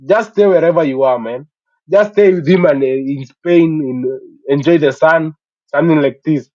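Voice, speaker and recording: Stream host, man, higher-pitched voice, opinionated casual football talk; dull, dry lo-fi recording. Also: moderate pace, dry recording. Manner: emphatic, opinionated, frequent "you know" fillers.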